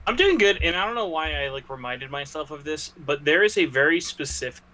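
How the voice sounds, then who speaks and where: A man's voice: a little high, animated, fairly quick, pushed and bright. A man appearing as a podcast guest, chatting casually in a rambling, joking way with lots of fillers.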